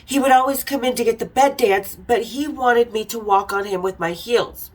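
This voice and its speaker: Casually storytelling on a podcast, a middle-aged woman from Utah tells frank, irreverent tales and laughs from time to time. She speaks at a normal speed in a voice on the high side, over poor audio.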